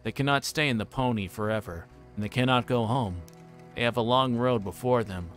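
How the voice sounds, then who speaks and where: A man voicing a stern, quiet male ranger who speaks low and measured, in a book reading. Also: soft background music, lightly acted.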